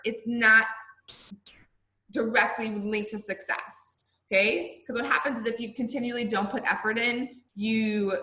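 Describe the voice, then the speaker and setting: Speaking in a fairly high, sharp voice, a woman who teaches college delivers a recorded online lecture through a video call. Her style is conversational, with frequent check-ins like "right?" and "okay?", and the sound is roomy and of poor quality.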